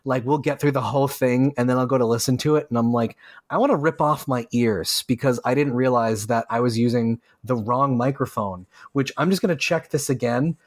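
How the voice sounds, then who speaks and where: A man's voice: medium pitch, brisk. Rambling, swearing young man podcaster. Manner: rambling, profane, lots of "like". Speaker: podcast co-host. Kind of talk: casual chat. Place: home setup, remote call. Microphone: USB podcast mic.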